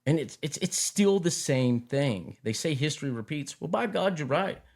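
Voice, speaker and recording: A middle-aged man in casual chat, telling stories in an animated way and often repeating his words. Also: on the high side, normal speed, creaky.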